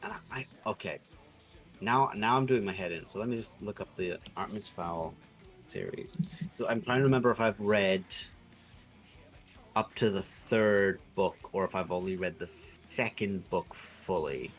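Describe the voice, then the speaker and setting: Low-voiced guy ranting on his art stream, swears a lot, faint music behind. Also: normal speed. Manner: rambling, sweary, animated rants. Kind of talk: casual chat while drawing on stream.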